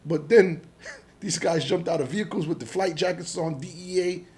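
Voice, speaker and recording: A middle-aged man from Jamaica, telling his story as a podcast guest in an animated, profane way, acting out the dialogue. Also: a little high, normal speed. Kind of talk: casual storytelling interview.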